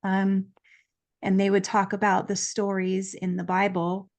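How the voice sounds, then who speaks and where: A woman appears as a guest in an earnest, lively conversation, telling a personal story at a measured pace in a medium-pitched voice. She acts out the voices of the people she quotes.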